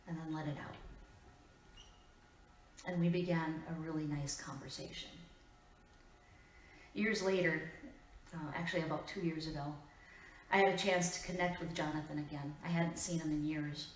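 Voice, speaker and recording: In a church sanctuary, a woman preaches with a lowish voice and the lilt of the Upper Midwest. Her delivery is earnest, measured and steady in tone, broken by intentional pauses. The mic sits far off in the reverberant room, and a faint hiss or hum runs underneath.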